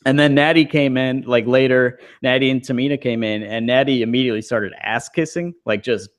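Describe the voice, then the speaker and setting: A man's voice: medium pitch, fairly quick, hardly any pauses. A man co-hosting a podcast in a casual, rambling chat, full of fillers and swearing. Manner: rambling, filler-heavy, profane. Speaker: podcast co-host.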